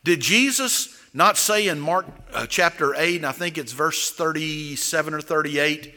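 A man preaching a sermon, slow and emphatic, with sudden loud rises for stress. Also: a little high, big-room sound. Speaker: pastor.

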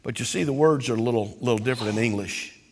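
A man preaching a sermon as pastor, building to loud, impassioned cries. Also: medium pitch, fast, in a large hall, slight background noise.

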